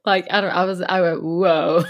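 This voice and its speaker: A woman co-hosting a podcast in casual chat, animated and laughing as she acts out characters in funny voices. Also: on the low side, normal speed. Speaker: podcast co-host.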